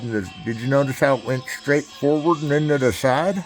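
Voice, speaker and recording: A man's voice: mid-range voice, normal speed, hardly any pauses, faint music behind. A man hosting a film riff, rambling in improvised commentary that moves between mock-solemn chanting and joking asides. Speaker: host riffing over a film.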